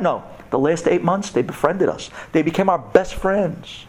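A man's voice: a little high, lively intonation, normal speed, a little mellow. A man giving a humorous Torah talk to a women's audience, telling the story with jokes and acted-out scenes. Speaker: Torah teacher.

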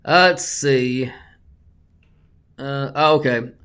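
A man's voice: medium pitch, steady tone, takes it slowly, fairly bright tone, clear, resonant tone. A man hosting a sports betting podcast, talking bluntly and swearing a lot as he gets worked up. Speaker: podcast host.

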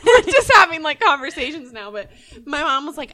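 A woman's voice: high-pitched, quick pace. A young woman co-hosting a podcast, chatting casually and acting out funny family stories. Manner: animated storyteller, acts out quotes. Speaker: podcast co-host. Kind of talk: casual chat.

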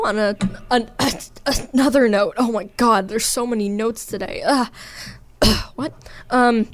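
Young woman, teens, podcast co-host, giggly, rambling, fairly high voice. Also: no room sound. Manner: giggly, rambling, self-mocking. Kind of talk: casual podcast chat.

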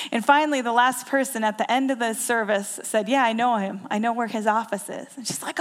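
A woman's voice: fairly high pitch, steady tone, fairly quick. A woman preaching a sermon, telling a story in earnest and repeating key phrases for emphasis. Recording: long hall reverb.

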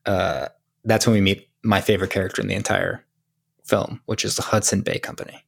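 Gravelly, husky man with dry corrections. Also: fairly low pitch, flat delivery, a little fast. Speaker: podcast co-host. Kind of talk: casual movie recap chat.

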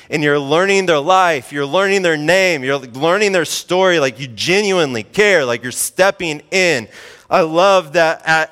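A man's voice: fairly high pitch, a bit bright. A man in his thirties, a pastor preaching in a casual, conversational way, often saying "like" and repeating himself for emphasis. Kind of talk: sermon. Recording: hall reverb.

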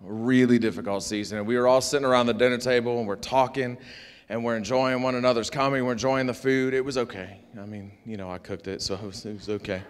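A man preaching in a church sanctuary, his voice sitting at an ordinary middle pitch. He keeps things animated and joking, tossing call-and-response asides to the congregation, while a long hall reverb trails behind him. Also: quick pace, smooth. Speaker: pastor. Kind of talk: sermon.

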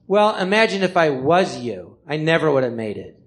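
A man's voice: fairly high pitch, normal speed, very noisy. A man, a comedian, telling his life story on a live podcast, acting out the voices of the people in it and swearing freely. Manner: animated, acts out other people's voices in quotes; swears freely, self-deprecating. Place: theater stage before a live audience.

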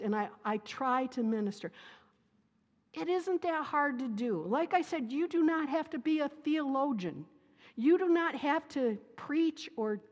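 A middle-aged woman pastor giving a sermon, telling personal stories in a lively, playful way. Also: mid-range voice. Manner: lively, animated storytelling with playful humor. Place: church sanctuary. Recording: reverberant church sanctuary.

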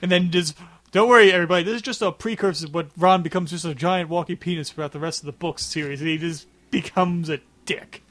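A man's voice: fairly high pitch, fairly even intonation, quick pace, fairly bright tone. A man hosting a casual film commentary, joking and rambling with friends. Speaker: commentary host.

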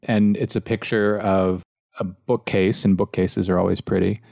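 A male interviewer with a low, gravelly voice recorded close and dry. He speaks bluntly with a wry, amused edge. His comments tease his guest. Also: level tone, moderate pace, warm tone, no room sound. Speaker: podcast host. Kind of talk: interview conversation.

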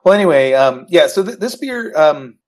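A man's voice: on the high side, big pitch swings, moderate pace. Middle-aged male podcast host, explaining. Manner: explains beer tasting in detail, quizzing guests. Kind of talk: casual podcast chat.

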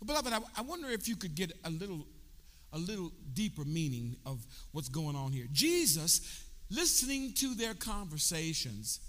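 A bishop preaching a sermon, drawing call-and-response from his congregation and building from quiet explanation up to shouts. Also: a little high, big pitch swings, normal speed. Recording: long reverb of a large hall.

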